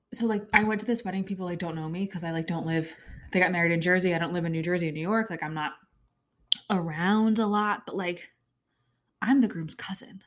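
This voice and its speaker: A young woman hosting a podcast, telling a story in casual chat with a lot of fillers and plenty of feeling. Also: fairly low pitch. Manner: chatty, lots of fillers, emotional storytelling. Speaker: podcast host.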